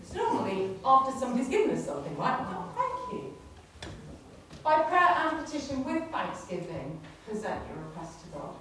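A woman's voice: high-pitched, big pitch swings, a little fast, few pauses, fairly bright tone. A woman giving a chatty church talk to a congregation, often laughing. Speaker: preacher. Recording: echoey hall, distant mic, faint noise.

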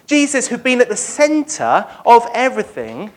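A preacher giving a lively sermon, retelling a Bible story and acting out its dialogue for the congregation. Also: mid-range voice, normal speed, hardly any pauses. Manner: speaks directly to the congregation.

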